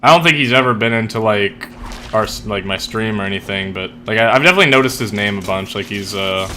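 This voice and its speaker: Young male streamer, crisp tense tone, loose rambling chat, heavy fillers. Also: on the low side, fast, bright, forceful tone, slight background noise. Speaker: streamer and writer. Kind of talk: casual chat while gaming.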